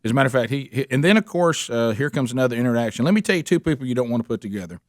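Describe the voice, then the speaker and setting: A man's voice: medium pitch, animated, rapid-fire, no room sound, clean studio sound. A man, hosting a radio show and telling rambling, chuckling anecdotes in casual chat.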